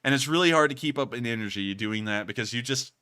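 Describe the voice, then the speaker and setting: A man hosting a live news stream, answering viewer comments with energy and a pushed-up pitch. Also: fast, clean tone. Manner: energetic, keeps his voice pushed high. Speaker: livestream host.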